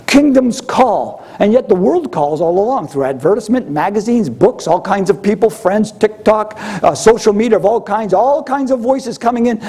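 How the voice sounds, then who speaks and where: High-voiced husky male preacher. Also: animated, normal speed, hardly any pauses, darkish tone. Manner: conversational preaching, acting out quoted voices. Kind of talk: sermon.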